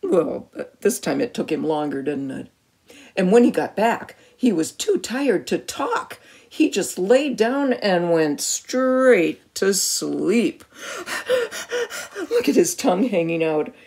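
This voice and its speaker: A woman reading a picture book aloud to a child, animated, with gasps and questions for the listener. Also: medium pitch, slow, husky.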